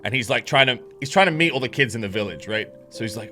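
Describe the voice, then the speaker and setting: Man, casual anecdote, rambling, swearing, laughing, soft guitar music behind. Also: mid-range voice, lively intonation, fast. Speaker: streamer telling a story.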